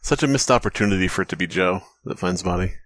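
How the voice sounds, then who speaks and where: A man's voice: sits low, fast, fairly bright tone, dry recording. A man co-hosting a podcast in casual chat, joking, laughing often and mimicking voices. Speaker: podcast co-host.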